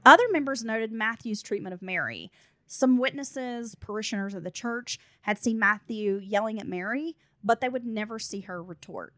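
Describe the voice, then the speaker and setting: A woman's voice: on the high side, moderate pace, pushed and bright, dry recording. A woman hosting a true crime podcast. She narrates the case details and breaks in with blunt, casual asides. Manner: reads case notes, then adds blunt asides. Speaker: podcast host.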